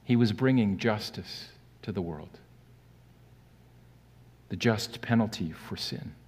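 A man preaching a sermon earnestly, swinging between loud emphatic peaks and quiet, hushed lows. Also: takes it slowly, husky. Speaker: pastor. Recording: long hall reverb.

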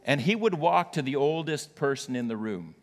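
A man's voice: a little high, lively intonation, moderate pace. Storytelling male pastor, echoing hall. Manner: storytelling with playful asides to the congregation. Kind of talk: sermon. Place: church.

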